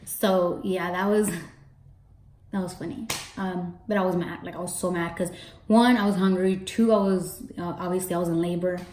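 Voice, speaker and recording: A woman's voice: fairly even intonation, normal speed, darkish tone. Chatty young woman vlogging in an echoey room. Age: early 20s. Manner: chatty, swears freely, acts out her own past lines with rising pitch. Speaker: beauty vlogger. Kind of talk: casual storytelling to camera. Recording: roomy echo.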